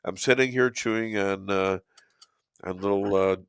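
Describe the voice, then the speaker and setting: An older man hosting a talk show, hoarse from losing his voice, rambling and joking between filler pauses. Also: low-pitched, fairly even intonation, a bit bright, dry recording, clean studio sound. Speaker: show host. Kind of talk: casual talk show chat.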